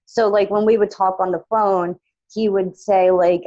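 A woman talking through a painful personal experience as a guest, haltingly and with many fillers. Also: medium pitch, fairly even intonation, dark tone, no echo, lo-fi sound. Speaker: guest sharing her own experience. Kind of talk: emotional personal account in conversation.

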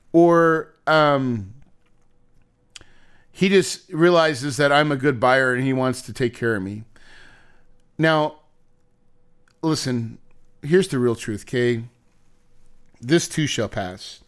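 A man's voice: a little high, slow pace, long pauses, smooth. A man hosting a podcast, venting and swearing in a candid monologue, laughing it off between complaints. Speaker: podcast host.

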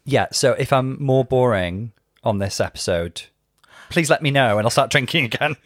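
A man's voice: medium pitch, lively intonation, normal speed, fairly bright tone, dry recording. A man co-hosting a casual podcast in his thirties, speaking in a dry, teasing and thoughtful way. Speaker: podcast co-host, psychiatrist. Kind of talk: casual chat. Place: Liverpool home studio.

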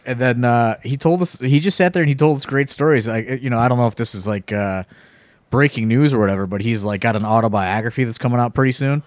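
A man's voice: medium pitch, quick pace, dry recording. A man co-hosting a podcast in casual chat, rambling with many fillers and swear words. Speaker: podcast co-host, wrestling promoter.

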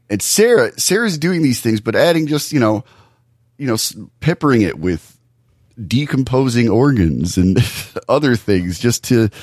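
Low-voiced man in casual podcast chat. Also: a little mellow, no echo, clean studio sound. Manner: thoughtful, halting with restarts. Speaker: podcast co-host.

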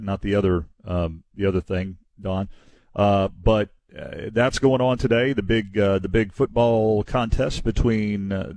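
Low-voiced chatty radio host man. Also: darkish tone, no room sound. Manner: chatty, loose, heavy on fillers and restarts. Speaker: radio home improvement show host. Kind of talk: casual radio talk. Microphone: studio microphone.

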